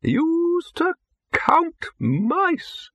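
A man's voice: extremely high pitch, huge pitch swings, a bit bright, dry recording, voice pushed up, heavily acted. A man voicing a frail, fretful ancient wizard in a wheelchair, in an audiobook reading. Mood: rambling. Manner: quavering, fretful and slow.

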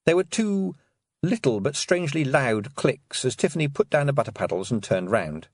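Man reading a story aloud, very lively up and down, husky voice, dry close sound. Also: medium pitch, moderate pace, no echo. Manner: expressive storytelling. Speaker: audiobook narrator. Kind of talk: scripted narration.

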